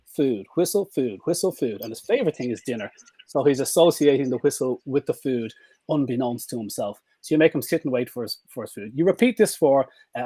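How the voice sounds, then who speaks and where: A man, a vet, walks listeners through dog training in a relaxed live-stream talk. He is lively and demonstrative, sometimes squeaking high to act out a dog's excitement. His voice sits mid-range and sounds dry and close. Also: no room sound.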